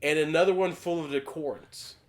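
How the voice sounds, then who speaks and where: A man co-hosting a casual podcast, telling an animated story, acting out quotes and swearing freely. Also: on the high side, normal speed. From United States. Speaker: podcast co-host.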